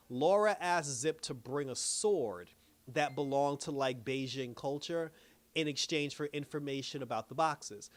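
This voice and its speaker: A man talks through an episode like he is telling a friend about it. His voice sits a bit high for a man. He is slangy and chatty, and laughter keeps slipping into his recap. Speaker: TV review host. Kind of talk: casual spoken recap.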